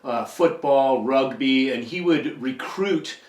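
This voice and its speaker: A male podcast host breaks into the conversation with emphatic explanations. His voice sits at a middle pitch and carries a clear echo from the room. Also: slow pace, darkish tone. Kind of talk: casual interview chat. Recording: echoey room.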